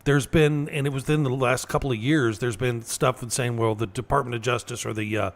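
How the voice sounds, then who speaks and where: A man co-hosting a casual political talk radio show, talking in a halting way with fillers and restarts. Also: medium pitch, steady tone. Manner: halting, lots of fillers and restarts, laughs at own stories. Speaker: radio co-host.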